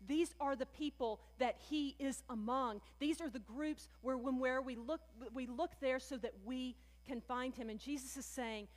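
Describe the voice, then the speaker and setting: A woman pastor preaching a sermon in a conversational, animated way, often calling her listeners friends. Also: high-pitched, normal speed, few pauses. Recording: long hall reverb.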